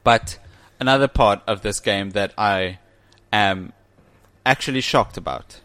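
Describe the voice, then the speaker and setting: A man's voice: on the low side, a little slow, sharp tone, no room sound. A man co-hosting a podcast in casual chat, playful and prone to laughing mid-sentence. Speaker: podcast co-host.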